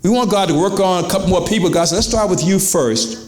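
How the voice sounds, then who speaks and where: A man's voice: sits high, quick pace, darkish tone, reverberant. A pastor preaching to his congregation in a church, in a conversational style with questions to the crowd and quoted voices. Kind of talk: sermon. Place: church sanctuary.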